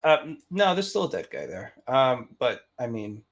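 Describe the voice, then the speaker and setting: A game master narrating a tabletop role-playing game, slow and halting with many fillers. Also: mid-range voice, sing-song.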